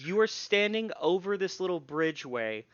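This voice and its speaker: A man runs a tabletop session as game master, narrating the scene in a loose, teasing way. His voice sits a little high. It comes through a dull, muffled voice-chat line with a dry, close sound. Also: very animated, normal speed, a bit bright, smooth, dry recording. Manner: casual, laid-back, teasing the players.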